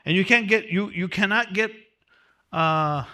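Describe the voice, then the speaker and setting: In a high, bright, forceful voice at a slightly slow pace, this man lectures a motivational seminar class. He repeats and emphasizes key phrases, speaking from personal time in prison as a mentoring class teacher.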